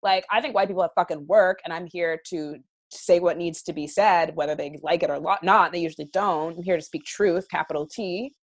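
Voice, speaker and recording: Blunt interview guest, woman from Canada, low voice, emphatic and profane. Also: fairly even intonation, fairly quick, no room sound. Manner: blunt, emphatic, swears freely. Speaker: podcast guest. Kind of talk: candid conversational interview.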